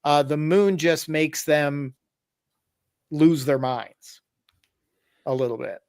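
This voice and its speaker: A man's voice: on the high side, slow, darkish tone, clear, resonant tone. A man hosting a podcast, casually telling a tabletop horror story with wry asides and explanations. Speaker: podcast host.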